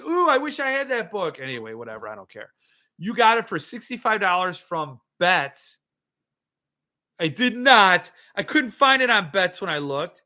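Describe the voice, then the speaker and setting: Bright-voiced man ranting casually. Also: high voice. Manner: ranting, sarcastic, reads and answers chat comments. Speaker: podcast host. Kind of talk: casual livestream chat.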